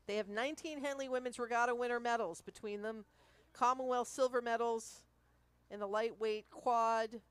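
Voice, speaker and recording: A woman's voice: fairly high pitch, fairly bright tone, no room sound. Woman announcing crews in a rowing race. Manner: brisk, reads out crews and clubs. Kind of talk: live sports commentary.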